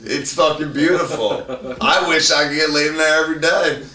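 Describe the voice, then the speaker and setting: A man guesting on a podcast, talking casually and profanely, sometimes loud and sometimes mumbling. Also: on the high side, fairly even intonation, moderate pace, slight background noise. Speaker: podcast guest, van traveler. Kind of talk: casual chat. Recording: roomy sound from a distant mic.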